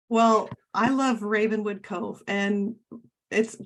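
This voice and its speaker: A woman's voice: mid-range voice, fairly even intonation, very slow. A woman from Oregon, a guest author talking casually in an interview over a video call, chatty and reminiscing with many fillers and restarts.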